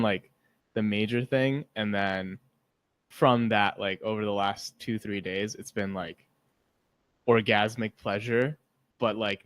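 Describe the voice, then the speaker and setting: Male co-host, lowish voice, open and emotional, rambling, dry close sound. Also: no room sound. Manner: emotional, open, rambling with many "like" fillers, swears casually. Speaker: podcast co-host. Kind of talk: casual reflective chat.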